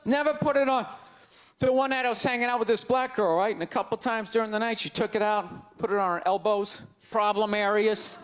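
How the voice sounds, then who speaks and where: A man doing stand-up comedy, ranting loudly and incredulously, shouting his punchlines to an audience on stage with a handheld mic. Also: high-pitched, brisk. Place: large comedy venue on stage. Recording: live show with crowd laughter and noise. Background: audience laughing and groaning.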